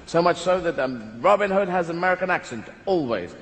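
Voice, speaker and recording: A man's voice: fairly high pitch, expressive, fairly quick, few pauses, a little hiss or hum. An English man doing rambling, playful stand-up comedy on stage, slipping in and out of silly voices. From England. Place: stage in front of an audience.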